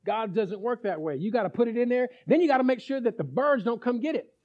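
High-voiced animated preacher man, lo-fi. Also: fast. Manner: animated, acts out little dialogues, asks the crowd. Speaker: pastor. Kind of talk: sermon.

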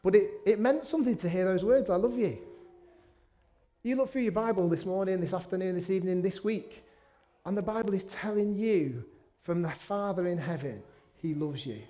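Male preacher, middle-aged, high-pitched, chatty sermon style with self-mocking humour. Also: normal speed, mellow. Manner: conversational, with self-deprecating asides. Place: church meeting room.

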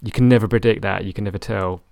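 A man's voice: fairly low pitch, steady tone, quick pace, vocal fry, darkish tone, dry recording. A young man talking casually about his football management game, rambling and correcting himself with a wry tone. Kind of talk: casual chat.

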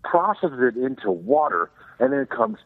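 A man's voice: mid-range voice, wildly swooping pitch, normal speed, narrow, tinny audio. A middle-aged man, sick with a fever, co-hosting a podcast and telling crude, self-mocking stories in casual chat. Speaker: podcast co-host.

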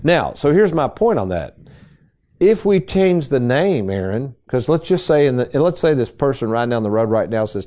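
Male talk-radio host, folksy explainer, warm and mellow, very animated delivery. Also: medium pitch, moderate pace. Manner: folksy, quizzing and explaining with emphasis. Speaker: retirement planning radio host. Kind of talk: conversational radio talk show.

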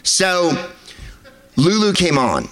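Male comedian, digressive anecdotes, lively sing-song pitch, wry tone. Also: poor audio. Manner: wry, digressive, quick impressions of others. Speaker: comedian telling stories. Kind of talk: rambling storytelling to a live audience.

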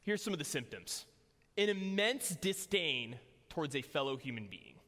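A man's voice: a little high, big pitch swings, normal speed, bright, forceful tone. A young man preaching a sermon in a casual, joking way, telling a personal story to his church. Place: church hall. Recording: long hall reverb.

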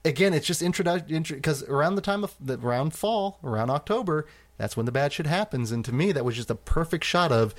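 A man's voice: fairly high pitch, animated, fairly quick, few pauses. A man hosting a casual film podcast, talking in a rambling way with lots of fillers. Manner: rambling, hesitant with many fillers. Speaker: podcast host.

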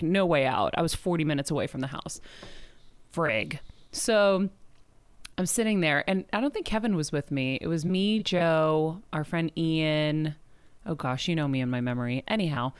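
A woman's voice: lowish voice, dry recording. A woman radio host telling a story in casual chat, giggling often, using lots of fillers and acting out her own reactions. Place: radio studio.

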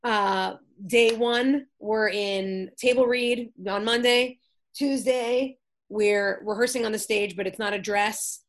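A lively woman guest, an actress and comedian, tells stories in casual chat over a remote call. Her voice sits on the high side and moves slowly as she acts out other people's voices and swears freely.

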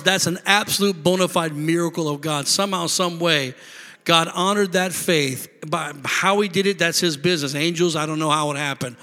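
A man preaching a sermon, telling a story in an animated way, swinging from quiet asides to loud praise. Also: on the high side, in a large hall. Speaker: pastor.

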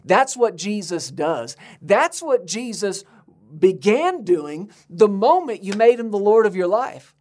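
A man's voice: sing-song, a little mellow. Fervent American preacher man. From United States. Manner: emphatic, slows to stress key words, rises to high pitch for appeals. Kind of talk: sermon.

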